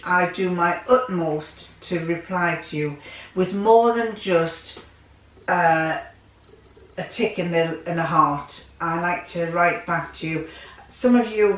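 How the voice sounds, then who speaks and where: An older woman vlogger chats to her viewers in a loose, rambling manner, circling back and repeating words. Her voice sits a little low, and it comes across roomy and echoey, picked up from a distance off the mic. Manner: chatty, rambling, repeats herself. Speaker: sewing vlogger. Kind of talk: casual chat to viewers. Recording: echoey room, away from mic.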